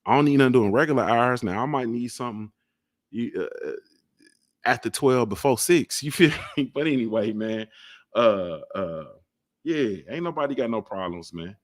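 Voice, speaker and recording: A man's voice: mid-range voice, animated, moderate pace, dry recording. Joking, slangy man in a dry room. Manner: loose, joking, streetwise slang. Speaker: podcast host. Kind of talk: casual chat. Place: home. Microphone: desk mic.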